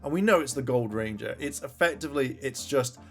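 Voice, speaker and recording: A man's voice: mid-range voice, expressive, brisk, soft background music. Rambling man reviewing a show. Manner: rambling retelling, swears when annoyed. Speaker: TV episode reviewer. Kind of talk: casual review chat.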